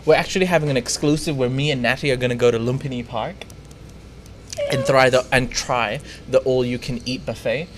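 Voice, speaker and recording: A man's voice: medium pitch, fairly even intonation, fairly quick, slight background noise. A man co-hosting a live stream in a casual, joking way, reading out comments and thanking viewers. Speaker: livestream co-host.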